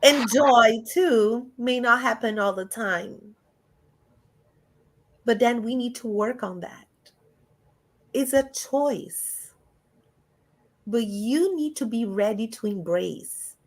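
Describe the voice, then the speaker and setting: A woman giving a lively spiritual talk over a video call, animated and often laughing, with big jumps in pitch. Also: slow, long pauses. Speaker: guest speaker.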